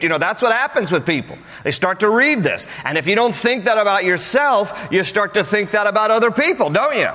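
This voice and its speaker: A man's voice: high-pitched, expressive, fairly quick, hardly any pauses, sharp tone. A male pastor delivering a sermon in a conversational, joking way, with playful asides. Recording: long reverb of a large hall.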